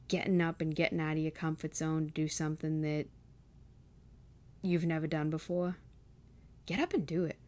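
Low, gravelly young woman near tears. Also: a little mellow. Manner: emotional, confessional, many fillers. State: close to tears. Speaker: vlogger. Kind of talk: casual personal vlog.

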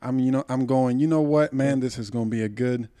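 Brisk and medium-pitched, the young Puerto Rican co-host launches into a heated, profanity-laced, animated story during a casual podcast chat. The recording is dry and close-miked.

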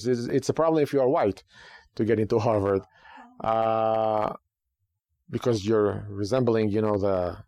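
Speaking at a fairly low pitch, a man who is both rabbi and radio podcast host delivers lively commentary, repeating phrases for emphasis and asking rhetorical questions. No echo is heard.

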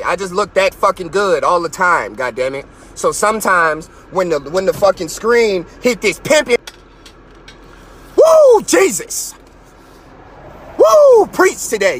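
A man hosting a live stream, ranting in a profane, mocking way from his car and sometimes breaking into shouts. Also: high-pitched. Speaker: podcast host.

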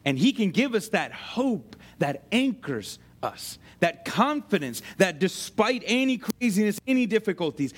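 A male pastor delivers a sermon in an animated, conversational way, dropping casual slang and asides to the congregation. His voice sits fairly high and swoops widely in pitch. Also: breathy edge. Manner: conversational, uses slang like "ain't" and "dude".

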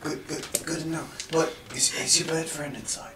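A man voicing a towering, jittery male beer smuggler who talks in anxious, hushed whispers. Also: fairly high pitch, fairly even intonation, moderate pace, close to an everyday voice. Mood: nervous. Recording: roomy distant mic with noise.

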